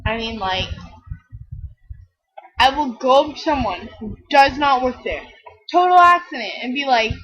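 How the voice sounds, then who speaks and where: A woman's voice: fairly high pitch, lively intonation, normal speed, long pauses, highs cut off. A teenage girl chatting casually while playing a game, rambling and giggling, a bit tired from little sleep, and acting out the people she quotes. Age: teens. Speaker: gaming video creator. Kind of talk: rambling casual chat over gameplay.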